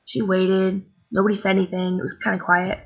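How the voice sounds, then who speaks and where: A woman's voice: mid-range voice, level tone, fairly quick, highs cut off. A young woman casually telling a story to the camera, chatty, with many fillers, acting out what others said. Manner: chatty, many fillers, acts out quoted voices.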